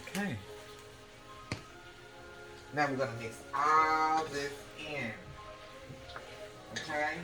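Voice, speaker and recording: A woman hosting a casual home cooking demonstration, talking the viewer through each step and checking in with a quick "okay?" again and again. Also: deep voice, fairly even intonation. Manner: chatty, keeps checking in with the viewer by asking "okay?". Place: home kitchen. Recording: echoey kitchen with background music.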